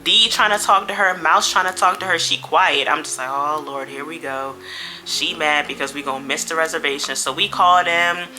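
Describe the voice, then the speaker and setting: A woman vlogger telling a storytime in a chatty, slangy, animated way. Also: lowish voice, brisk, few pauses, soft background music. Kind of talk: casual storytime.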